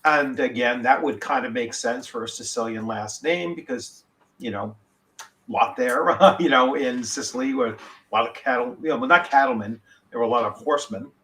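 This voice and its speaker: A man's voice: mid-range voice, moderate pace, a bit bright. A man with a mid-range voice chatting casually on a podcast. He wanders through his thoughts, stopping often for "uh" and "you know" as he explains. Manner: meandering, with many "uh" and "you know" fillers. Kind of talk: casual chat.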